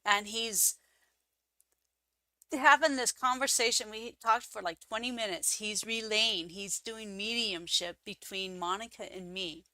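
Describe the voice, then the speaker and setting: Woman, guest storyteller; slow, bright, lively quotes, dry sound. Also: no room sound. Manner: animated, acts out quoted voices with big pitch jumps. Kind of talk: casual interview storytelling.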